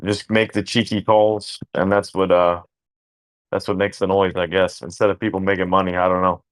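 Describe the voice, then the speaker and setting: A man with a very low voice hosts a loose podcast chat. He swears freely and jokes around. The sound is close and dry. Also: level tone, normal speed, dry recording. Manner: swearing, joking, bursts into loud laughing shouts. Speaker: podcast host. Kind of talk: casual chat.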